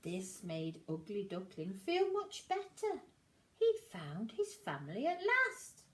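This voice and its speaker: A woman reading a picture book aloud to children in an animated, sing-song storytelling way. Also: medium pitch, slow.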